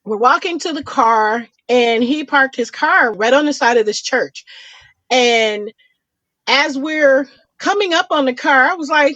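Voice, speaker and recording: A woman co-hosting a podcast, telling a funny date story in casual chat and acting out each quote with big jumps in pitch. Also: expressive, normal speed, a bit bright, no room sound, muffled recording. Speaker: podcast co-host.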